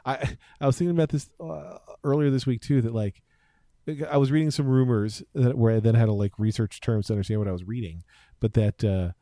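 A man's voice: medium pitch, fairly quick, warm tone, no echo, clean studio sound. A man co-hosting a podcast, chatting casually and rambling with restarts and jokes. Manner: rambling, self-interrupting, jokey. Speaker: podcast co-host. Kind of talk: casual tech chat.

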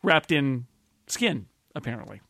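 A man's voice: medium pitch, animated, a little slow, creaky, fairly bright tone, dry recording. A man hosting a casual panel chat, joking, laughing often and calling on the others to pick. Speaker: host.

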